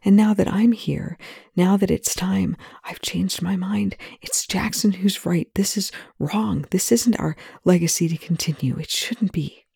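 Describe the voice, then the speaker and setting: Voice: mid-range voice, measured pace, vocal fry, warm tone, dry recording, clean studio sound. A reader doing a tearful, breathless woman scientist. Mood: pleading, urgent. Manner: breathless, half-whispered, choked. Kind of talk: audiobook reading of fan fiction.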